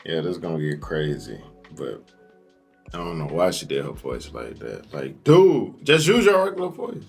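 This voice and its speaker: A man's voice: extremely low pitch, very animated, moderate pace, vocal fry, darkish tone, husky, faint music behind. A man hosting a reaction video, commenting casually in slang and talking straight to his viewers. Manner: laid-back, slangy, talks to viewers directly.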